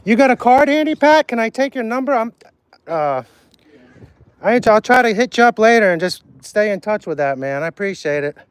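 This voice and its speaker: A man's voice: sits high, expressive, normal speed, clear, resonant tone. A man on a casual live stream, talking loosely and swearing freely while he walks an outdoor harbor dock, filmed on a handheld phone. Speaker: vlogger walking a harbor.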